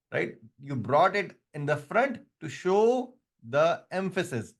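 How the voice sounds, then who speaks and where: A man's voice: a little high, big pitch swings, a little slow. Man teaching Arabic grammar to a class. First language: not English; another language first. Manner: explains patiently, many restarts and fillers. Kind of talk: online class lecture.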